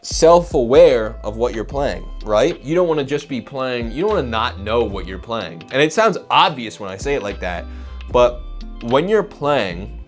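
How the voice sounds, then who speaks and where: A man giving a casual guitar lesson, talking things through and scat-singing short phrases as he plays. His voice sits in an ordinary middle pitch. Guitar music plays clearly behind him. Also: big pitch swings, normal speed. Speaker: guitar teacher.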